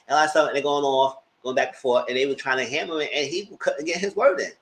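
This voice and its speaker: A man giving a casual, animated recap of a reality show, slipping into mock voices as he retells scenes. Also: medium pitch, fast talker, rough recording.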